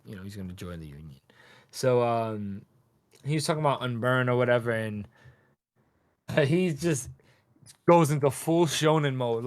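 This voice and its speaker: Animated man recapping, close and dry. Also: mid-range voice, dry recording. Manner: animated, swearing, acting out characters in quick voices. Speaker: podcast co-host. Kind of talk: casual chat recapping a manga chapter.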